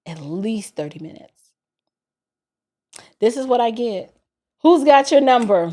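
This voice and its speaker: A woman's voice: fairly high pitch, expressive, a little slow, long pauses, dark tone. A woman hosting a casual livestream, laughing hard and breaking up as she talks. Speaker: livestream host.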